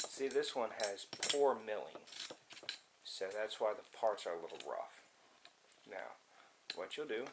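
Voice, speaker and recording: Casual male demo host, lowish voice, chatty and offhand, faint background hiss. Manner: casual, talks to the viewer while working. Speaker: firearms video host. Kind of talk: casual how-to demonstration.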